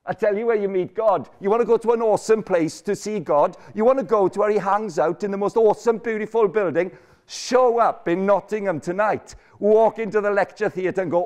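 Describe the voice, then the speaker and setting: A man preaching a lively sermon to a student conference in a lecture hall, energetic and jokey, repeating his points for emphasis. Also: sits high, a little fast.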